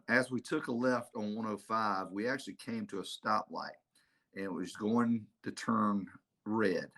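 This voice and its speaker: A man, a head football coach telling stories as an interview guest. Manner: animated storyteller, acts out quotes with big pitch jumps. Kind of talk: casual storytelling interview.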